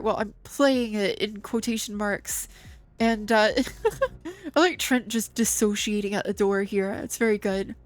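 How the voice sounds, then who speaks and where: A woman's voice: fairly high pitch, dry recording. Woman streamer, chatty and rambling, light music bed. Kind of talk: casual game commentary.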